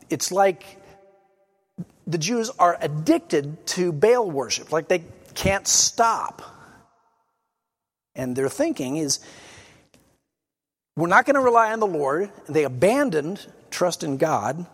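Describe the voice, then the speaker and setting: A man's voice: a little high, very animated, slow, big-room sound. A man preaching a sermon, explaining scripture in an earnest teaching manner and reading passages aloud with emphasis. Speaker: pastor.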